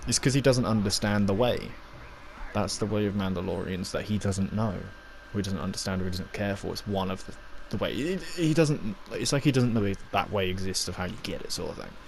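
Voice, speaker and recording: A man's voice: fairly low pitch, fairly quick, vocal fry, darkish tone, a little hiss or hum. A man giving a casual, rambling spoken review, recapping scenes with lots of fillers and little acted-out quotes.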